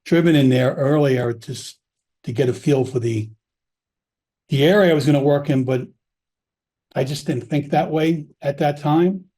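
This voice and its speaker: A man's voice: a little high, moderate pace, pauses often, dark tone, breathy edge. A man, a former police officer, telling stories from his career in casual conversation. He talks candidly, often restarting his sentences and acting out the dialogue. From Long Island, New York. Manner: candid, rambling, with frequent restarts and quoted dialogue. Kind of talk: casual storytelling.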